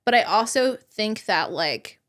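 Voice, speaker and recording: A woman's voice: medium pitch, a little slow. Blunt, swearing young woman telling a story. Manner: blunt, swears freely, animated storytelling with laughs. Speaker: podcast co-host. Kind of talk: casual chat.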